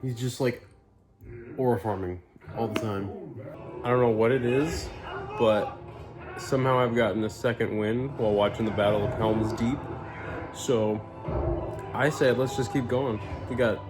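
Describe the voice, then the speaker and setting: A worn-out young man talks slowly in a casual vlog, drifting into jokey, rambling asides. His voice sits at an ordinary pitch. Loud music plays behind him. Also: fairly even intonation. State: sleepy, worn out. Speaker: vlogger. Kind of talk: casual to-camera commentary.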